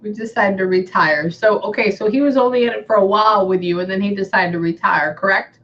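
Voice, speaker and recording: A woman's voice: mid-range voice, a little fast, fairly bright tone. Chatty American woman on a dull call. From United States. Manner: chatty, keeps saying "hang on" and relaying what she hears. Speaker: psychic medium. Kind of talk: casual reading session.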